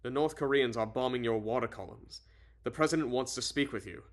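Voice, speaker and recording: A frantic British butler hammers out loud, urgent calls, as a man puts him on while reading aloud. The accent is a rough attempt, and the voice stays at a middling pitch. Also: brisk, natural voice.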